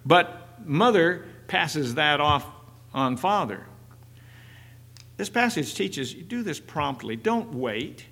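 A man preaching a sermon in an earnest, halting way, with frequent fillers. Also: medium pitch, a bit bright. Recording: long hall reverb.

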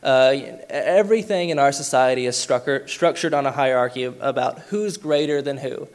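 A man preaching a sermon, earnest, slowing down to stress key words and reading scripture aloud. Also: medium pitch. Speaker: pastor.

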